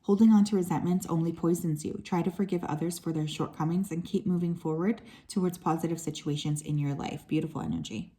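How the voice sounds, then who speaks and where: A woman doing a tarot card reading for her viewers, talking in a relaxed, chatty way with plenty of "um"s and asides. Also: lowish voice, fairly quick, few pauses. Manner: relaxed and chatty, with frequent fillers and soft asides. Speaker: tarot reader.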